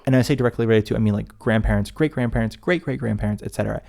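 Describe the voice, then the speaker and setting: A man talking quickly in a low, gravelly voice, chatting casually as a podcast co-host. He rambles and restarts his sentences. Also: a little mellow. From United States. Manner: rambling, self-interrupting, chatty.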